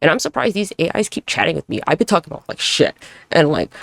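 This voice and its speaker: A woman talks through a casual solo podcast episode with a rough, gravelly edge to her voice. Her pitch leaps and dips constantly as she rambles. She swears freely and mocks herself, and the sound is close and dry. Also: very animated, fast talker, no echo. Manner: rambling, profane, self-mocking. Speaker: podcast host.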